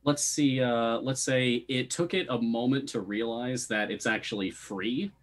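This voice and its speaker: A man acting as game master, narrating a tabletop role-playing game in a relaxed, easygoing way. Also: mid-range voice, measured pace.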